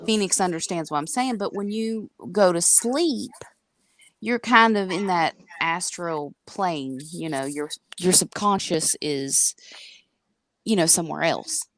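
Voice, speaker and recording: Low-voiced woman musing real slow, kinda hesitant, dry close mic. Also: no room sound. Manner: slow, thoughtful, a little hesitant. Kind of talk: casual chat.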